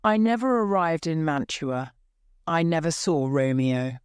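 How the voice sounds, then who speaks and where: A woman's voice: low-pitched, animated, a little slow, smooth, dry recording, clean studio sound. A woman reading a storybook, voicing an apologetic male friar explaining his delay.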